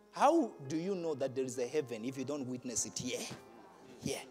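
A man preaching a lively church sermon, swinging from shouts to low asides and laughing often. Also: brisk, faint music behind. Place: church hall with congregation.

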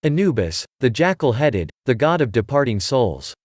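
A man's voice: mid-range voice, big pitch swings, normal speed, darkish tone, no echo, clean studio sound. A man reading the lines of a fussy, shrewd detective, speaking in a thoughtful, cryptic way. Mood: musing.

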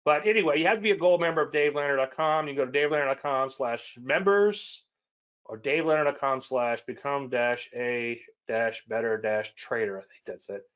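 A man's voice: mid-range voice, moderate pace, fairly bright tone, highs cut off. A man hosting a weekly trading show, chatting casually and rambling through charts with self-deprecating asides. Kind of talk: casual webinar chat.

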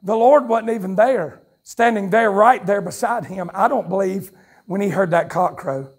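A man with a Southern US accent preaching a revival sermon in a church, shouting his lines in a fiery way, with folksy turns of phrase, quick asides and chuckles. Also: sits high, husky. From North Carolina, USA. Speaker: pastor. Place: church sanctuary at a campmeeting. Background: congregation calling out responses.

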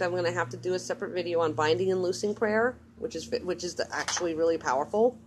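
A woman's voice: lowish voice, slight background noise. A woman giving casual, earnest religious advice in a vlog, repeating herself insistently and rambling with restarts. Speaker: mother.

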